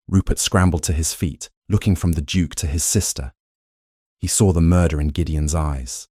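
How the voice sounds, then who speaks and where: Deep-voiced male audiobook narrator. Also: normal speed, mellow, husky, no echo, clean studio sound. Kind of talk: scripted romance audiobook narration.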